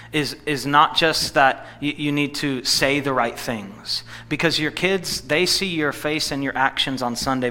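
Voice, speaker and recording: A middle-aged pastor preaching on a scripture story. His voice is bright and forceful at an ordinary male pitch. He presses the lesson earnestly and sinks to a near hush on the solemn turns. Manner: earnest preaching, dropping to a hush at heavy moments. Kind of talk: sermon retelling a scripture passage.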